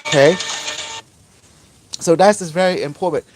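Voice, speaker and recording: A man with a fairly high voice who lectures loosely on spiritual ideas. His English is broken and his phrasing circles back on itself. He stresses points by repeating them. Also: moderate pace, over music. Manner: broken English, repetitive, emphatic. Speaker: spiritual teacher. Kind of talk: rambling informal lecture.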